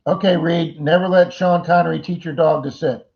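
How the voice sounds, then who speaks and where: A man's voice: on the high side, fairly even intonation, normal speed, creaky. Chatty middle-aged man hosting a stream. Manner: chatty, greets and answers viewers by name; jokey, rambling asides. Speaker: livestream host. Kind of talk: casual livestream chat. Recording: dull lo-fi stream audio.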